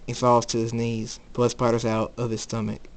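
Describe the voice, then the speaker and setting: A young man reading his own fan fiction aloud, with a halting delivery and small restarts. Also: medium pitch, monotone. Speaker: amateur storyteller.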